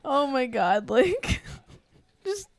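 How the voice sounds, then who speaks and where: A woman's voice: high-pitched, big pitch swings, very slow, no room sound. A woman telling stories in casual podcast chat, laughing as she goes. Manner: giggly storyteller, laughs through her stories.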